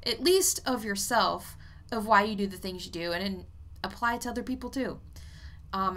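A woman medium chats casually to the camera, with a bright, forward tone at an ordinary middle pitch. She talks bluntly and swears freely, mixing advice with offhand asides. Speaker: psychic medium. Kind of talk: casual vlog talk.

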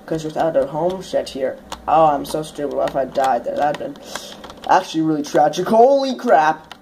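Young woman, gameplay commentary, chatty, excitable, sudden startled shrieks, fairly low voice, faint keyboard clatter. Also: a little fast, slight background noise. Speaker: let's play host.

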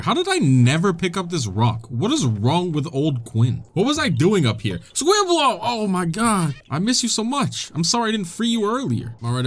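A young man hosting a gaming channel, giving playful, jokey let's-play commentary and chatting to the characters on screen. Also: a little high.

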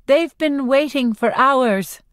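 A woman reading as a nervously bright mother. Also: sits high, takes it slowly, no room sound, studio quality, pitched above the performer's own voice. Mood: forced bright. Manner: a little too bright. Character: anxious middle-aged mother, forcedly bright.

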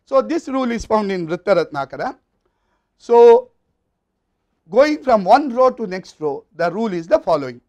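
A man's voice: high-pitched, sing-song, moderate pace, long pauses, mellow. A man with an Indian English accent giving a university lecture, explaining step by step in a methodical way.

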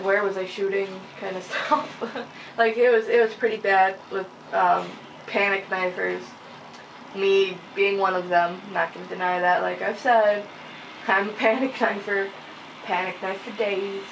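A young woman giving casual, rambling gameplay commentary, giggling often and filling pauses with ums, a little sleepy with hiccups. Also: medium pitch, steady tone, gravelly. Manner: rambling, giggly, many fillers. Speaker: gaming channel host. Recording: distant mic with faint noise.

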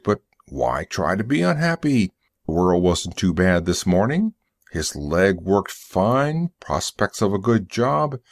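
A man reads a story aloud for English learners in a measured way. His voice sits low but moves expressively up and down. The recording is dry and close to the mic. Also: no room sound. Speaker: narrator.

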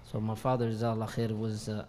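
A man from Qatar speaking relaxed and hesitant as a panel guest, mixing Arabic fillers into his English. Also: fairly low pitch, rapid-fire, slight background noise. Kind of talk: casual talk at a live event. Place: event hall at an Islamic centre. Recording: long hall reverb.

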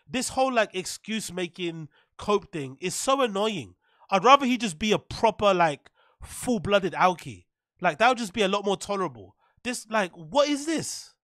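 A man reacting to clips and thanking donors on a casual live stream, animated and swearing freely. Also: high-pitched, normal speed, no echo, clean studio sound. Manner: animated, swearing, loud shout-outs.

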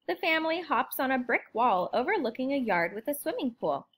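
A woman reading a children's picture book aloud in an expressive, lively way. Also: high voice, fairly quick, slightly rough. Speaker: storybook narrator. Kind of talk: children's storybook read-aloud.

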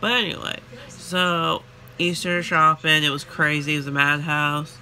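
A tired young man telling a chatty, animated story about his workday in a casual vlog. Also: on the high side, a little slow. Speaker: vlogger and retail worker.

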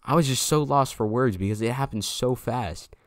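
A man's voice: mid-range voice, moderate pace, no echo, studio quality. A young man telling a casual storytime to his viewers, loose and slangy, swearing freely. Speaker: storyteller vlogger.

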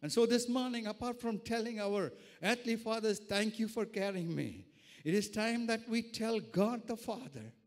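High-voiced preacher in an echoing church. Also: male voice, moderate pace. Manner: earnest personal testimony building to fervent preaching. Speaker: pastor. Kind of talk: sermon. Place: church sanctuary. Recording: reverberant church hall.

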